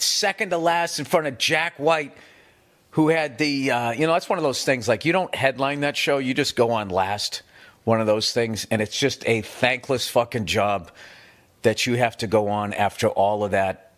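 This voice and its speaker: A man in his fifties telling rambling, profane stories in a casual rant, animated and quick to swear. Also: medium pitch. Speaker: comedian. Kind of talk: casual podcast-style rant.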